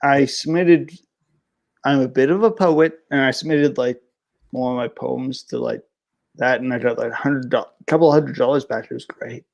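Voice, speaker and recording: Gravelly-voiced Canadian man. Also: medium pitch, normal speed, darkish tone, muffled recording. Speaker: podcast guest. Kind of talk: casual chat.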